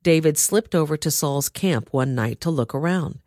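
A woman reading scripture aloud in a steady, measured way. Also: deep voice, no echo, clean studio sound. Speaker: scripture reader. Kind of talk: Bible reading.

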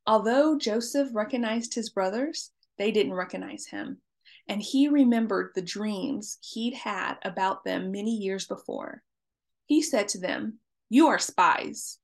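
A woman narrating a Bible passage in a clear, measured reading voice. Her pitch sits in the middle range for a woman. Her tone is steady and even throughout. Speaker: scripture reader.

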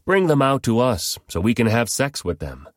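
A man's voice: mid-range voice, sing-song, moderate pace, no echo, clean studio sound, voice pushed up, natural voice. A man reading as a hostile threatening mob.

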